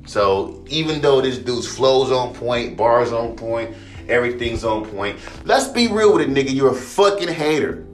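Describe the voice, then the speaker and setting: Lively, heated man ranting. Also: mid-range voice, normal speed, roomy sound, faint music behind. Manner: heated and profane, repeats himself. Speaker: podcast host. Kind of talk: ranting monologue.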